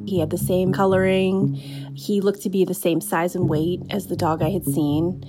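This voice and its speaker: A woman telling a true spooky story in the first person, in a relaxed, conversational way with casual fillers. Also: lowish voice, moderate pace, loud music behind the voice.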